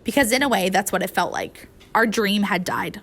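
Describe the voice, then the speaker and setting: A woman reading a first-person audiobook aloud, with an emotional, expressive telling. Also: medium pitch, normal speed. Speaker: audiobook narrator.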